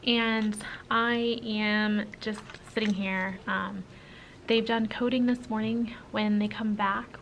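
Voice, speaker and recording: A woman's voice: medium pitch, a bit bright, a little hiss or hum, low-quality recording. A young adult woman teacher talking casually to her vlog camera inside a school, tired and full of ums and likes. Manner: chatty, with frequent ums and likes. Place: school building, indoors.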